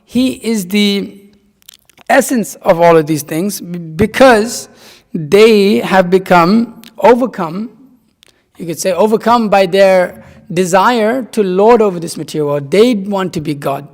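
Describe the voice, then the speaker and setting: Guy teaching scripture, high gravelly voice, big hall echo. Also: a little slow. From Nepal. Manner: rambling, repeats himself for emphasis. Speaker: spiritual teacher. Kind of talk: conversational scripture class. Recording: long reverb in a hall.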